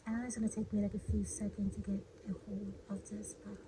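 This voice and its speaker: A woman's voice: medium pitch, level tone, fast, noisy background. A young woman narrating her craft project in a chatty, self-deprecating way, sometimes dropping to a whisper. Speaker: crafting vlogger.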